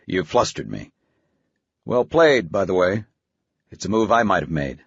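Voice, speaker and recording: A man's voice: low voice, sing-song, a little slow, slightly rough, dry recording, heavily acted. A man doing a crude, ruthless bank boss. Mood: hard-nosed. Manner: blunt, profane and curt. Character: crude, ruthless male bank executive, middle-aged. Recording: dry, slightly dull studio audio.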